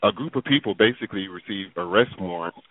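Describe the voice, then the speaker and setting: Male co-host in casual talk, low and measured, heard through a narrow phone-like band. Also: no echo. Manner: measured, hesitant with fillers. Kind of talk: casual chat. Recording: tinny phone-like sound.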